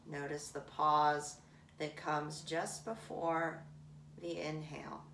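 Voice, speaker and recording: A woman leading a guided breathing meditation in calm, drawn-out phrases with long pauses. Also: sits low, slight background noise. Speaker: meditation teacher. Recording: roomy echo from a distant mic.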